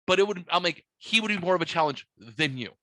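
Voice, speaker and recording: A man hosting a podcast, telling a story in a boisterous, profane, animated way. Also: sits high, fast, dry recording. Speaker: podcast host. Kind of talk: casual storytelling chat. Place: podcast studio.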